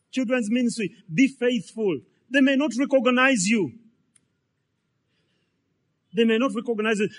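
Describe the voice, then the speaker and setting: A man's voice: sits high, breathy edge. A man, preaching a sermon in a conversational way, full of repetitions and rhetorical questions. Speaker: pastor.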